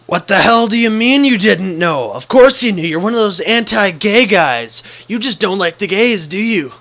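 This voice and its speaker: Guy doing a big mad dude, pushy and accusing, kinda high voice. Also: expressive, moderate pace, fairly bright tone. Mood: angry, accusing. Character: big angry confrontational man.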